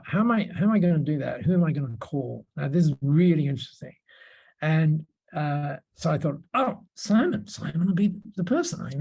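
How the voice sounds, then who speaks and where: Gravelly mellow guy rambling thru stories on a podcast, lots of restarts. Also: on the high side, highs cut off. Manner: rambling anecdotes with many restarts and laughs. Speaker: podcast guest. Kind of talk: storytelling in a podcast interview.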